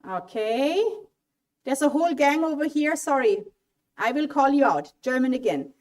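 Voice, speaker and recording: A woman with a bright, high-pitched voice leads a playful quiz for an audience gathered in a small auditorium. She speaks into a handheld mic, coaxing people to pick answers and keeping the room engaged. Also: moderate pace. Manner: lively, coaxing, quizzes the audience. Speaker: German language speaker at a college event. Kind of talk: interactive audience quiz talk. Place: auditorium mini hall.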